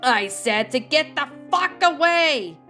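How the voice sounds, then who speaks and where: A woman's voice: medium pitch, steady tone, moderate pace, faint music behind, natural voice. A woman reading a fan story aloud, voicing a tough young woman survivor who is grieving. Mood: upset.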